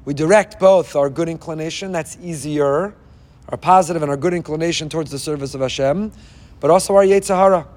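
A man's voice: fairly high pitch, a little fast, a little mellow. A man giving an impassioned sermon as a rabbi, firing off rhetorical questions and weaving in Hebrew phrases. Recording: long hall reverb.

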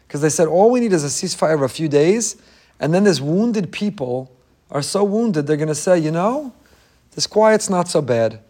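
A man with a high voice preaches a sermon with passion and emphasis. He slips Hebrew phrases into his English. He drives his points home with repetition. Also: warm tone. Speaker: rabbi.

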